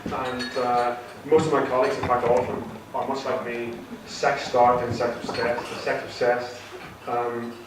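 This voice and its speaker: A man's voice: medium pitch, flat delivery, unhurried, few pauses, background noise. A man doing his first stand-up comedy set, nervous and rambling, full of fillers and restarts. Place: theatre stage with a live audience. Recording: echoey hall recorded from far off.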